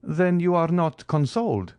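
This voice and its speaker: A man voicing the Count of Monte Cristo, a proud, secretive nobleman, speaking in a courtly, gently ironic way. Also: medium pitch, sing-song, unhurried, no echo. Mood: grave. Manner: courtly and gently ironic, raised above the narration. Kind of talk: audiobook character reading.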